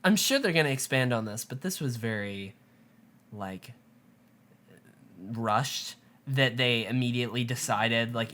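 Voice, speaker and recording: Bright-voiced chatty woman co-host. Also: rumbling low. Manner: chatty, animated retelling with quoted asides and laughs. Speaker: podcast co-host. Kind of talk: casual chat recapping a TV episode.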